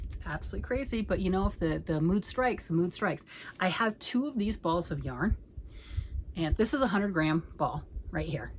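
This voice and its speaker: A middle-aged woman chats casually from home, rambling from one thought to the next. Her voice sits a little low, and she often drops into a hushed near-whisper. A faint hum of noise sits behind her. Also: lively intonation, normal speed, poor audio. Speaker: knitting vlogger. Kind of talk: casual chat.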